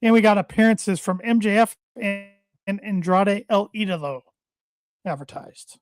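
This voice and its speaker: Guy cohosting a wrestling podcast, kinda higher voice, repeats words a lot, dry close mic. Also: dry recording. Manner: halting, repeats words often. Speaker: podcast co-host. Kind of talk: casual wrestling podcast chat.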